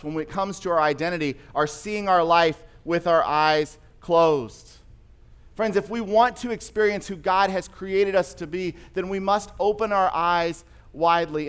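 A man's voice: fairly high pitch, clear, resonant tone. A man preaching a sermon, telling stories in a conversational way that rises to emphatic passages. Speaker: pastor.

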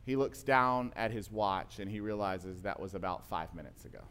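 A man's voice: on the low side, normal speed, fairly bright tone, smooth. A man giving a sermon, retelling a story at length and acting out the voices of the people in it. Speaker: preacher.

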